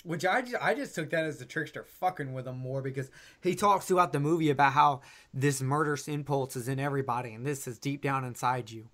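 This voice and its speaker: A man co-hosting a casual podcast about a movie, talking with many pauses and fillers and coughing now and then. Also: mid-range voice, a bit bright. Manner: hesitant, lots of uh and um. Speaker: podcast co-host. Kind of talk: casual film discussion.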